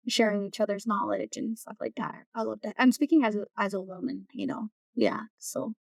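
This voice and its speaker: A woman, a community knowledge keeper, speaking softly in an interview and searching for her words. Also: medium pitch, fairly even intonation, brisk, gravelly, no room sound. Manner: soft-spoken, searching for words. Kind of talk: casual interview talk. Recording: distant mic, dry room.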